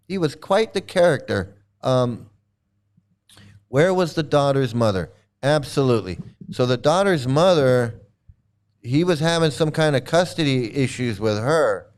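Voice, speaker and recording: A man's voice: medium pitch, clean tone. A man giving casual video commentary, sarcastic and rambling with many restarts.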